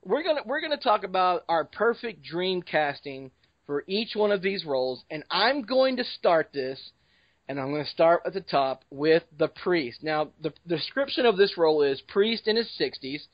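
A man's voice: sits high, big pitch swings, normal speed, dry recording, lo-fi sound. A man hosting a casual podcast. He jokes and talks informally as he leads the discussion. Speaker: podcast host.

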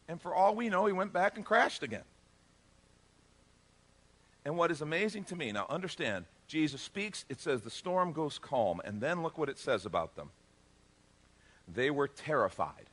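Animated high-voiced male pastor. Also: normal speed. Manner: animated storytelling with acted-out dialogue and jokes. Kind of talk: sermon.

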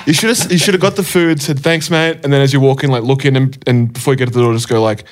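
A man co-hosting a casual podcast chat, chiming in with quick jokes and laughing often. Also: mid-range voice, fairly even intonation, noisy background. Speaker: podcast co-host.

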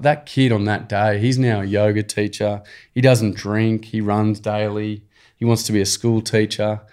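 A man with an Australian accent tells a story in a relaxed, blunt way, full of slang. His voice sits fairly low. He talks casually as a podcast guest. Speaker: guest, program founder.

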